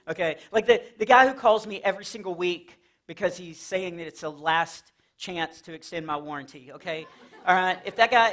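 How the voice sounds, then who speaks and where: A man's voice: high voice, a bit bright. A man from Texas doing a chatty stand-up comedy set for a church audience, jumping into silly voices for his jokes. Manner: playful, chatty, jumps into silly character voices. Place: church fellowship hall with a live audience.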